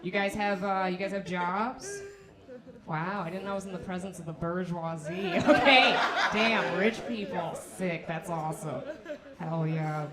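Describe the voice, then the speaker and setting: A woman's voice: on the low side, a little slow, a loud crowd. A young woman doing a stand-up comedy set who keeps laughing at her own jokes and restarting her sentences. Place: comedy club stage. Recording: echoey comedy club.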